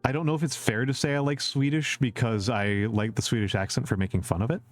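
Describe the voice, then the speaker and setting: A man's voice: mid-range voice, fairly even intonation, quick pace, faint music behind. A man from the Upper Midwest of the US chatting casually on a live stream, rambling and repeating himself with lots of fillers. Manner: chuckles at his own jokes. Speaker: VTuber streamer answering viewer questions.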